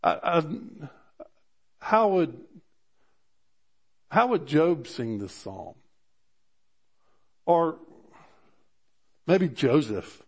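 A man preaching a sermon, animated and rising in pitch for emphasis, often restarting his phrases. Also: extremely slow, long pauses. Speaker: pastor.

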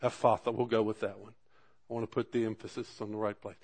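A man's voice: lowish voice, little pitch movement, fast, a little mellow. Earnest male preacher with swelling emphasis. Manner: earnest, conversational asides to the congregation. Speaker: pastor. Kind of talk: sermon.

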